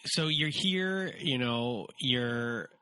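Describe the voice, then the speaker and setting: A man hosts an interview, asking long, searching questions with empathy. His voice is very bright and sharp at a middle pitch. The recording is dry and close, with no room sound. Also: animated, drawn-out words, smooth, no echo, low-quality recording. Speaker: podcast host.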